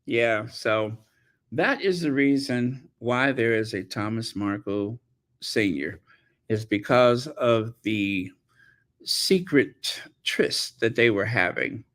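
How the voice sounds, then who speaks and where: A man's voice: fairly low pitch, slow pace, a bit bright. A man hosting a commentary channel, talking in a sarcastic, mocking way. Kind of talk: casual commentary.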